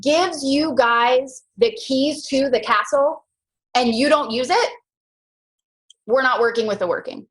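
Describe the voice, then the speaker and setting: A young woman leading a team coaching call, chatty and animated, full of slang and quick asides. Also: low-quality recording. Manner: animated, chatty, slangy, jumps into high mock voices. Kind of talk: casual motivational team call.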